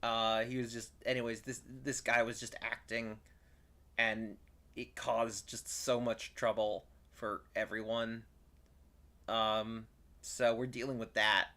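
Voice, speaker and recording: A game streamer giving casual let's-play commentary, rambling and halting as they explain the story. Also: mid-range voice, flat delivery, sharp tone.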